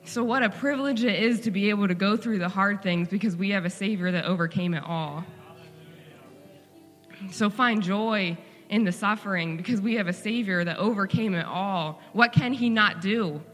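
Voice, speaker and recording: A woman's voice: medium pitch, moderate pace, a bit bright, in a large hall, soft background music. Encouraging woman speaking in a church. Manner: earnest, encouraging. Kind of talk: devotional exhortation.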